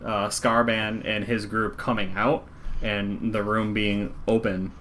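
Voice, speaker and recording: Low-voiced man running a tabletop game. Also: level tone, takes it slowly, noisy background. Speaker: dungeon master.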